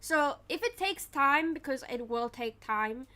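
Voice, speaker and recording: A woman's voice: high voice, lively intonation, sharp tone. A woman co-hosting a livestream, talking casually and easily, reading out viewer comments. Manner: easygoing, quick to laugh, trails off. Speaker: livestream co-host.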